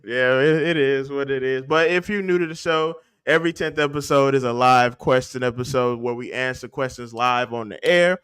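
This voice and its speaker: A man's voice: medium pitch, moderate pace, hardly any pauses, fairly bright tone, clear, resonant tone. A man hosting a podcast in casual chat, loose and joking, laughing often. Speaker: podcast host.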